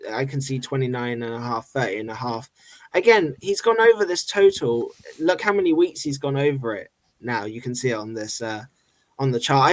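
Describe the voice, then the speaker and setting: A man's voice: medium pitch, no room sound. A man co-hosting a sports betting podcast, walking through his prop picks in a loose, analytical way. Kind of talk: casual sports betting chat.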